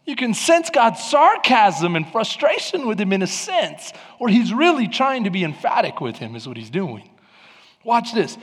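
A man preaching with a high-pitched voice that soars into shouts at its climaxes, then sinks to a near whisper. His words ring out with long reverb across a large hall. The delivery is driven and emphatic throughout. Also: sing-song, moderate pace, slightly rough. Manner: emphatic, climbs to shouting peaks, then drops to hushed. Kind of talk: sermon.

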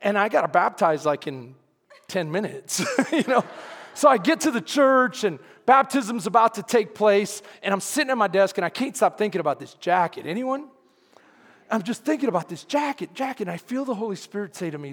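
A man preaches in a high, lively voice that carries through a large hall with a long echo. He acts out the lines of his story, dropping to near murmurs and then climbing to shouts, with frequent laughter. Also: a little fast, slightly rough. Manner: animated, acts out dialogue, laughs often, swings from quiet to shouting. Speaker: pastor. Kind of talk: sermon with storytelling.

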